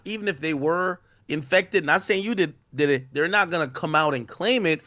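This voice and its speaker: A man's voice: a little high, normal speed, sharp tone. A man interviewing a guest on a casual stream, stammering through his questions with many restarts.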